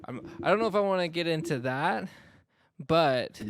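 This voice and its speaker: A man's voice: fairly high pitch, animated, moderate pace, background noise. A man from North Florida co-hosting a podcast, talking in a rambling casual way full of fillers. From North Florida, US South. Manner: rambling, many fillers and restarts. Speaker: podcast co-host. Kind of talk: casual chat.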